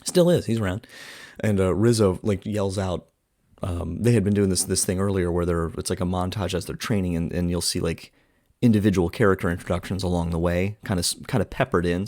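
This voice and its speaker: Deep-voiced man chatting through a film review. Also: a little mellow, dry recording, clean studio sound. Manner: chatty, many "like" fillers, acts out quotes from the film. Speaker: podcast host reviewing a film. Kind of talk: casual film review monologue.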